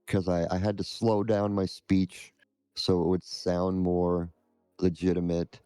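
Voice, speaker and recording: Low, mellow, unhurried man. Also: level tone, clear, resonant tone, dry recording, faint music behind. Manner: halting, measured. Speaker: scam-baiting streamer, guest. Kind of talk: interview answers.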